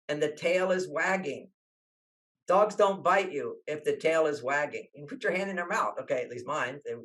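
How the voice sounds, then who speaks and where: An older man talks with lively animation, slipping into the voices of the people in his stories. His voice sits a little high for a man. He speaks as an author guest in an interview. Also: rough recording. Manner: animated, acts out quoted voices. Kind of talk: storytelling interview talk.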